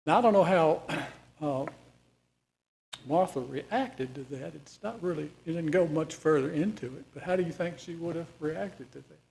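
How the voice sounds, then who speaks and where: A man teaching an informal Bible study class, his voice pitched a little high for a man. He talks in a folksy, conversational way and keeps putting questions to his listeners. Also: moderate pace, vocal fry, darkish tone.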